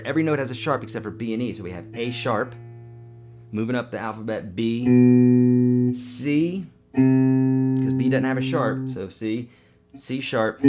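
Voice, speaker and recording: A man with a medium-pitched morning voice teaches guitar on a live webcast, upbeat and quick, occasionally singing note names.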